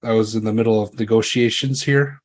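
A man's voice: lowish voice, fairly even intonation, a little fast, darkish tone, close to an everyday voice. A man voicing a proud rival knight in a tabletop role-play, speaking in a formal, haughty way. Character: stiff, proud male knight, rival suitor.

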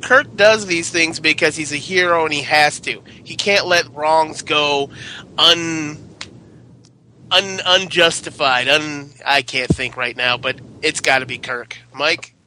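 A man hosting a casual panel chat, excitable and swearing freely as he calls for votes. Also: fairly high pitch, slow, a little hiss or hum. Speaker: podcast host.

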